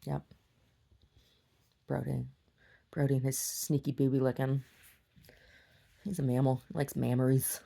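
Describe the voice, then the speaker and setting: Low, gravelly woman musing aloud. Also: level tone, measured pace, long pauses, dark tone. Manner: rambling, talking to herself. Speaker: vlogger. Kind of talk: casual video diary.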